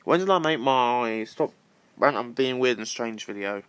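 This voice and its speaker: A man's voice: mid-range voice, lively intonation, normal speed, fairly bright tone, clean tone. A man ranting casually to camera, repetitive and swearing freely. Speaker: vlogger.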